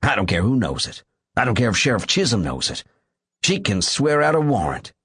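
A man reading the part of a bitter, bedridden man who seethes at his wife, speaking low and grim. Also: sing-song, brisk, a bit bright, slightly rough, no room sound, clean studio sound, heavily acted.

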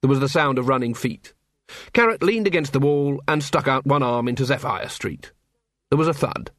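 Man reading an audiobook, wry and lively, dry close sound. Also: medium pitch, moderate pace, dry recording. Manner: wry, expressive storytelling. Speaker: audiobook narrator. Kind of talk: scripted narration.

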